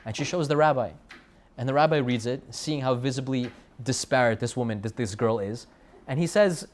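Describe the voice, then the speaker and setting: With a mid-range voice at normal speed, a man gives a sermon to students. He is a rabbi telling stories in a Torah talk, leaning on repeated phrases and Hebrew words.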